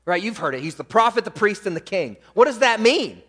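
A man preaching a sermon as pastor, pressing hard on key words and then dropping to quiet asides. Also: high voice, big pitch swings, fairly quick, husky. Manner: emphatic, swings between loud stresses and quiet asides. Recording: long hall reverb.

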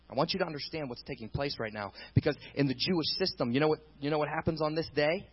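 A man preaching a sermon with dramatic swings between loud intensity and quiet emphasis. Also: on the high side, fast, hardly any pauses, breathy edge, highs cut off. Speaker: pastor.

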